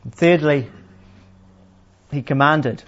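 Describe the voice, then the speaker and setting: A man preaching a sermon in a plain, unhurried teaching manner, asking his listeners questions. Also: fairly high pitch. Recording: slightly dull, lo-fi sound.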